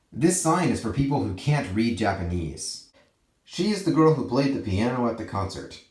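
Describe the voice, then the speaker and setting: A man reading English example sentences one by one, slowly and clearly, for learners to repeat. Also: fairly low pitch, darkish tone, roomy sound. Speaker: English teacher.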